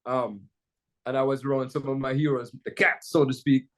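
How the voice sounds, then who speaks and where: A man's voice: mid-range voice, flat delivery, moderate pace. Older Jamaican man telling rambling stories. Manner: rambling, storytelling, many restarts and "you know"s. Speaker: jazz pianist guest. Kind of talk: casual conversation. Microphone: video call.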